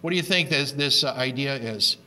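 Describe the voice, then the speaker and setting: A middle-aged reading education speaker lectures a live audience on teaching reading, talking fairly quickly at medium pitch. He's animated and emphatic, restarting his words again and again.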